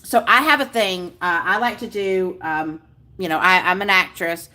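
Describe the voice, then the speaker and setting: A woman's voice: fairly low pitch, moderate pace, sharp tone. A woman hosting a casual livestream, bubbly and gushing as she greets viewers by name. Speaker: livestream host. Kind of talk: casual live chat with viewers.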